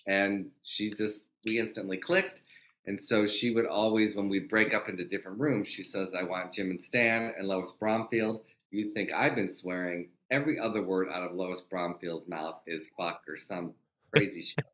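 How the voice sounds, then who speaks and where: Older man, low voice, lively storytelling guest, acts out quotes, swears casually. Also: normal speed. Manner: animated anecdotes, acts out quoted dialogue, swears freely. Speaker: guest, TV comedy writer.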